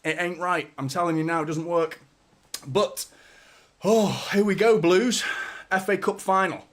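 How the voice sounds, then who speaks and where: A man hosts a football fan stream in a loose, excitable chat that rambles from point to point. He swears casually and speaks in a fairly high voice. The delivery is relaxed and conversational throughout. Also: a little slow.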